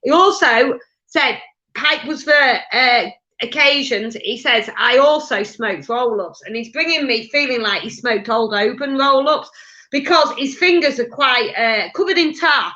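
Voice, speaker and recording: High bright woman medium. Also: muffled recording. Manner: halting and chatty, many fillers and restarts. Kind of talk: live mediumship reading.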